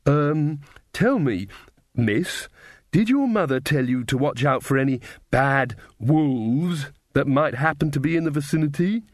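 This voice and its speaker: A man's voice: fairly high pitch, lively intonation, a little slow, no echo, studio quality. A man voicing a young witch, flustered, stammering, hesitant, storybook. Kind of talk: audiobook character voice.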